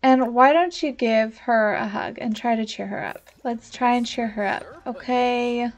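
A young woman hosts a let's play in a relaxed, unhurried way, her voice sitting a bit high. She talks directly to the characters on screen and grows openly exasperated when they misbehave. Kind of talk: casual gameplay commentary.

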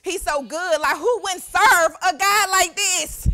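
Delivering a sermon in church, this young youth pastor is exuberant, trading call-and-response with the congregation. She talks slowly, her pitch extremely high and her tone sharp.

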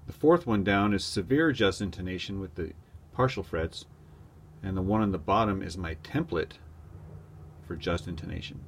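A man's voice: sits low, moderate pace, a little hiss or hum. A man who makes cigar box guitar fretboards, giving a casual how-to tutorial and explaining each step plainly.

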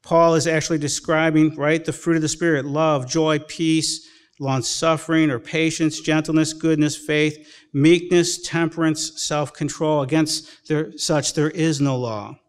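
Folksy pastor preaching, slightly high voice. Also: male voice, level tone, unhurried, clean tone. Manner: folksy storytelling with chuckles and acted-out quotes. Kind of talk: sermon. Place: church sanctuary.

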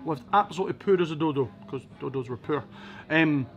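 A Scottish man telling his life story in a casual interview, quick and lively, acting out the people in his stories. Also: a little high, lo-fi sound, faint music behind. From Scotland. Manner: fast, lively storytelling with acted-out quotes.

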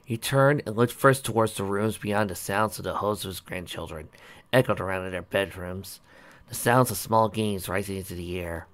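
A man with a fairly low voice reads a story aloud. His reading is plain and a little uneven, and he stumbles over a word now and then. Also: normal speed, a bit bright. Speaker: reader.

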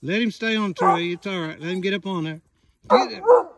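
An older man calls out to a hound and his granddaughter on a hunt in the woods, folksy and excited, filmed on a handheld camera. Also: high-pitched, fast. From West Virginia. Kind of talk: casual outdoor chat. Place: woods outdoors at night. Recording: noisy outdoors with barking dogs.

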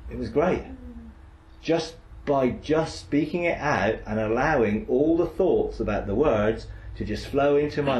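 A man's voice: medium pitch, darkish tone, a little hiss or hum. A man leading a faith meditation exercise in a chatty, rambling teaching style, with frequent asides and restarts. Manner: conversational, rambling, with frequent "you know" and restarts. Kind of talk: informal teaching session. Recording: roomy echo.

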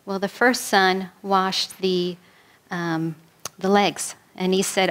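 A woman minister from New York City leading a guided prayer and telling stories in a sermon, slow and soothing in prayer, livelier in her stories. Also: mid-range voice, flat delivery, fairly bright tone.

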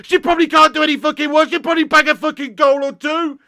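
A young man ranting angrily and loudly as host of a live football watch-along, swearing constantly. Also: very high voice, level tone, fast talker, no room sound. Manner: angry, sweary, loud ranting. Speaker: football fan livestream host.

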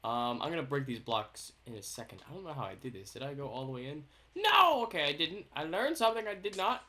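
A young man talks through a game build in casual let's-play commentary. His voice is bright and bouncy, with pitch that swings widely. He keeps up a goofy, playful stream of jokes aimed at himself. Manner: goofy, playful, jokey self-talk. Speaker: gaming YouTuber host.

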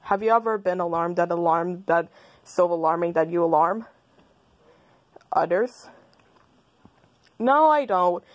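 Silly rambling woman, low voice. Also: steady tone, moderate pace, long pauses, highs cut off. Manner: silly, playful, argues back and forth with herself. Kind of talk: rambling stream-of-consciousness monologue.

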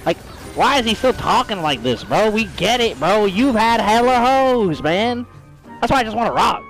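A young male streamer talks over a match in a high, very animated voice. He is profane and hyped and breaks into yells. Loud game music plays beneath him. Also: moderate pace, poor audio. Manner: profane, hyped, bursts into yelling. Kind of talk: live gameplay commentary.

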